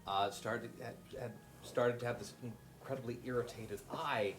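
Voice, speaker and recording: A man on a panel who tells a theater story in a halting way, searching for his words. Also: medium pitch, fairly even intonation, a little hiss or hum. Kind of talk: casual storytelling.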